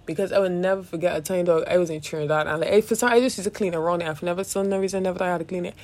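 A woman's voice: on the low side, very fast, darkish tone. A woman hosting a podcast, chatting casually in a rambling, profane way, often laughing and calling the listener "dog.". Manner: laughs often while talking. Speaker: podcast host. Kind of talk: casual chat.

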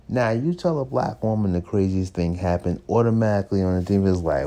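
A man in his thirties with a low, deep voice tells a casual story from his own life. His tone is warm and mellow, and he breaks into laughter as he goes. He jumps into other people's voices to act out what they said. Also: normal speed. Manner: animated, acts out others' lines in shifting voices; laughs between lines. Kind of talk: casual anecdote telling.

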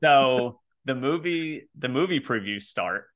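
A young man casually telling a funny story, animated and full of fillers and laughs. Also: mid-range voice, unhurried. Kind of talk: casual chat.

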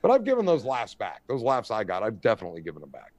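A middle-aged man telling prank stories in casual chat, animated and profane, often asking "you know what I mean". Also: on the low side, fast, dry recording.

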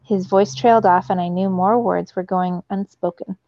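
A woman teacher reading a novel aloud to her students in a steady storytelling way. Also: medium pitch, normal speed, dry recording, dull audio.

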